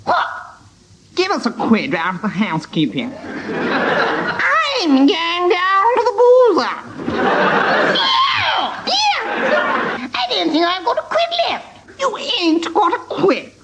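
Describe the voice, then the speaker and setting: Man doing a gruff old cockney-style husband. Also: very high voice, huge pitch swings, extremely slow, long pauses, full character voice. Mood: bickering. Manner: gruff, bellowing insults. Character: coarse grumpy old working-class husband. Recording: old radio recording with loud hiss.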